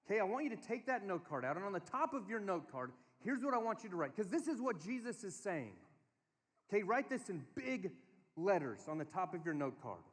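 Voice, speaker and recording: A man preaching to a conference crowd, telling family stories in an animated way and giving the room instructions. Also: sits high, a little fast. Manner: storytelling, animated, quotes his kids in a small voice. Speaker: speaker. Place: large hall. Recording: long hall reverb.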